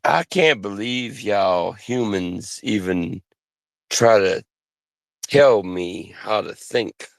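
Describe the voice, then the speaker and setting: A man's voice: on the low side, vocal fry, no room sound. A man ranting angrily, full of swearing and grandiose threats, lecturing the people around him. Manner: grandiose, threatening, swears constantly, slow drawn-out delivery. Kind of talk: angry profane rant.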